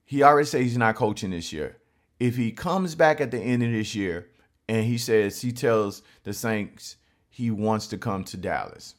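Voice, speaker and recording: Animated man ranting. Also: medium pitch. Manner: animated, emphatic, repeats phrases. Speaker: sports fan commentator. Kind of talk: ranting fan commentary.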